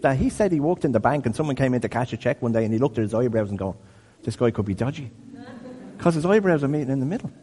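A mid-range, slightly mellow male voice belongs to a man in his fifties delivering a conversational, sermon-style teaching talk. He often poses questions to his audience, and the recording carries a long hall reverb.

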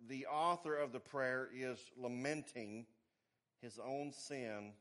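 A man preaching a sermon, emphatic, swinging between hushed asides and forceful exhortation. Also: mid-range voice, slow.

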